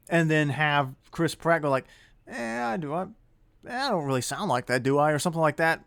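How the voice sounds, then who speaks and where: Guy rambling through a movie review, chuckles, keeps correcting himself, kinda high voice, dry room. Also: fairly bright tone, no echo. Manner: rambling, with many fillers and self-corrections; chuckles as he talks. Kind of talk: casual spoken review.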